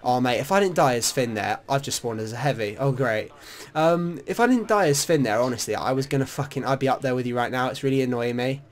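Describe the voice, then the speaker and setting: Rattling along with few pauses, a young man in a mid-range voice gives loose, off-the-cuff commentary on a shooter match. He curses freely, gets worked up and laughs while ribbing his teammate.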